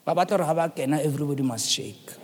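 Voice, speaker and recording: A man preaching a sermon in a South African accent, telling a story and then rising into fervent shouted calls to the congregation. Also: on the high side, very fast, a little hiss or hum. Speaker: pastor. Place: church.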